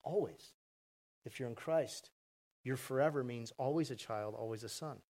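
A pastor preaching a sermon to a congregation, conversational and asking the audience questions. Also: male voice, mid-range voice, normal speed, a little mellow. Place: church hall with congregation. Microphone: handheld mic.

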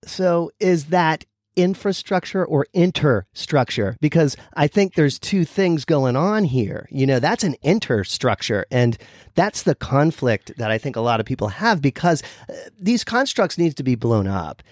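A man co-hosting a chat, reflective, pausing and restarting as he searches for words. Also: on the high side, sing-song, dry recording, studio quality. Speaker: co-host. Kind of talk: casual interview chat.

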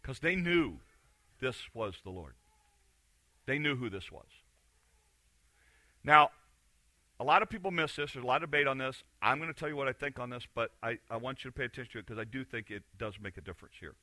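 A man's voice: mid-range voice, lively intonation, a little fast, long pauses, bright, forceful tone, no echo. A man preaching a sermon in a conversational, emphatic way, repeating key phrases. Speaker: pastor.

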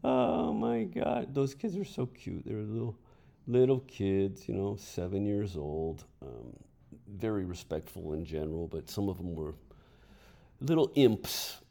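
A man telling a funny story from his teaching days as a podcast host, in a lively and amused way. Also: low-pitched, measured pace, creaky. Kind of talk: storytelling narration.

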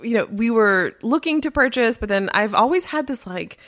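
A woman hosting a podcast, telling a story in casual chat with lots of fillers and quick laughs. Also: fairly high pitch, expressive, a bit bright. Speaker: podcast host.

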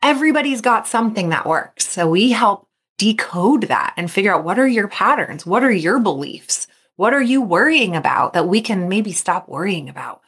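A woman's voice: mid-range voice, moderate pace, breathy edge. A middle-aged woman, a mental performance coach, hosting a solo podcast and telling stories while acting out athletes' worried thoughts. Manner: lively storytelling, acting out athletes' inner voices.

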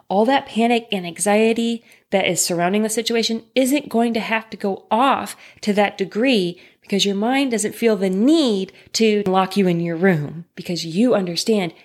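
A woman talking straight to the listener in an earnest, reassuring way, asking rhetorical questions as she explains. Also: mid-range voice. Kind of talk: direct-to-listener talk on trauma.

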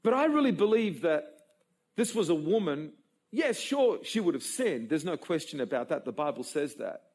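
A man's voice: on the high side, very animated, normal speed, a little mellow. A man preaching a sermon, retelling a Bible story with emotion and stammered restarts.

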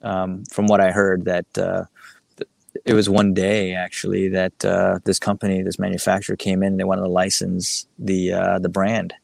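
A man's voice: deep voice, completely flat delivery, moderate pace, creaky, darkish tone, no room sound. A middle-aged man from the American Midwest telling a rambling story as a guest, full of "like" and "you know" with many restarts. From Midwest United States. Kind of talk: casual storytelling interview.

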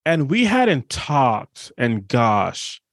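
A man's voice: mid-range voice, huge pitch swings, very slow, fairly bright tone, no echo. A male podcast host telling a personal story in an earnest, reflective, conversational way.

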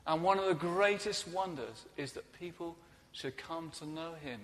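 A man preaching a sermon, telling the story earnestly and often dropping soft and quiet. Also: on the high side, normal speed, in a large hall.

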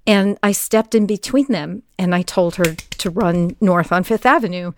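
An older woman interviewing a guest, asking questions and telling a vivid story in an animated way. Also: on the low side, normal speed, a little hiss or hum. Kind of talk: conversational interview.

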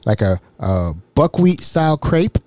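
Man, podcast storyteller, casual and chatty, lively swinging pitch, close dry mic. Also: measured pace, no room sound. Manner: chatty and animated, with many fillers like "you know". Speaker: podcast host recounting work stories.

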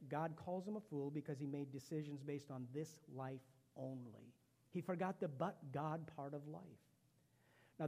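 A middle-aged male pastor preaching a sermon in a church, emphatic, with loud punches and hushed asides. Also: on the high side. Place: church sanctuary. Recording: long hall reverb.

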